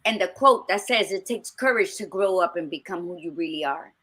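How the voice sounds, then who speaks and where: A woman's voice: on the low side, expressive, brisk, fairly bright tone, husky. A woman co-hosting a casual talk podcast, telling personal stories in a candid, blunt and emphatic way. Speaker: podcast co-host. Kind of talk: casual chat.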